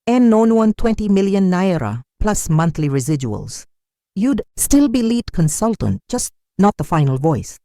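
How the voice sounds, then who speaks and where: Narrator reading a sleek British Nigerian male investor, businesslike, warm tone. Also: mid-range voice, big pitch swings, unhurried, no echo, studio quality, pitched above the performer's own voice. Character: polished male investor in a navy suit.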